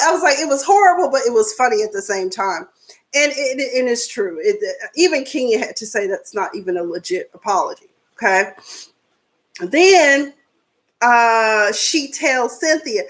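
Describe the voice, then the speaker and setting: Woman, forties, sassy, chatty, casual recap, somewhat high-pitched. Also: expressive, measured pace, a bit bright. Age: 40s. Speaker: reality TV recap vlogger.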